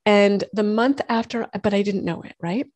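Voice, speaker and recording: A woman, a doctor and host telling her own health story in lively conversation, acting out what others said. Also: mid-range voice, normal speed, no echo. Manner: animated storytelling, acts out quoted voices. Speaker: functional medicine gynecologist and podcast host.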